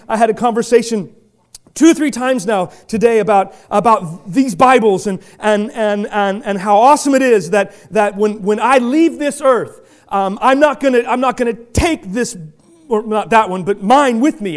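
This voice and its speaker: A man preaching a sermon as pastor, with frequent restarts and repeated words, building to loud emphatic shouting. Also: high voice.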